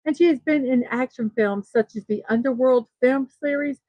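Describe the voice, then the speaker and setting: A chatty woman hosts a casual morning show, reading birthday lists with self-deprecating asides. Her voice sits a bit high. The sound is dry and a little dull, like a lo-fi home recording. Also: moderate pace, dark tone, dry recording. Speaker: host of a daily morning show. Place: East Coast of the United States.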